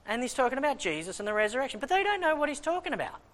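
A man with a very high voice preaches a Bible teaching sermon. He reads scripture slowly and acts out his listeners' questions in lively asides.

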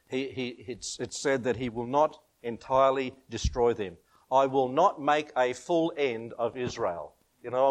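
A man preaching a sermon, chuckling often and rising and falling for emphasis. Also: mid-range voice.

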